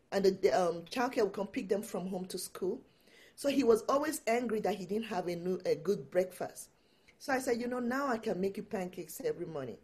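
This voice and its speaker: Animated woman telling her story. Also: medium pitch, moderate pace. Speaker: guest, empowerment coach. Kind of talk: casual interview storytelling.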